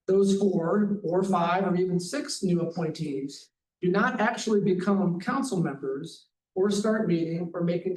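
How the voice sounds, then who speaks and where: A man delivers formal public comment to a council, his voice slightly high and his wording careful and precise. The recording picks him up from a distance in a roomy, echoing hall, with a faint hiss underneath. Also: a little mellow. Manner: measured, precise, reads statute text aloud. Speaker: advocacy director giving public comment. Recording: echoey, distant hall audio with faint noise.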